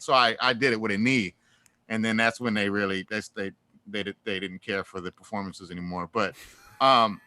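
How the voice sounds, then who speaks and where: A man speaks as a guest in a relaxed interview, winding through his stories with many fillers and restarts. His voice is bright and forceful, at an ordinary pitch for a man. The sound is dry, with no room echo. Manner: animated, laughs through stories. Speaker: guest musician. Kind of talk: casual interview chat.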